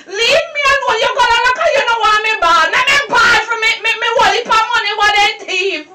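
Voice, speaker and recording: An actress playing a distraught, tearful village woman in a Jamaican movie, wailing and shouting in patois with a Jamaican accent. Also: very high voice, brisk. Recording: roomy echo from far off.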